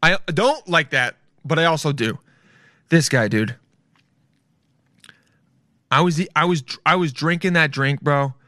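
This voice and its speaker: A man's voice: on the high side, unhurried, pauses often, pushed and bright, dry recording. Joking young man, dry close voice. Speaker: commentary host. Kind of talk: casual reaction commentary.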